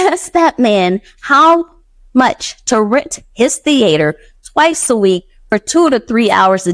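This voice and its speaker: Woman, podcast host, casual storytelling, animated, slightly high voice. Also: no room sound. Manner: animated, acts out quotes, laughs often.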